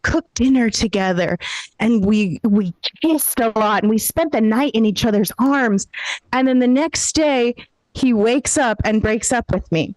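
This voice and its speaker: A stand-up comedian, a woman with a higher but darkish-toned voice, performs a punchy, self-deprecating set on a video call using a handheld mic, at home in a warm city in daytime. The low-quality recording has no room sound.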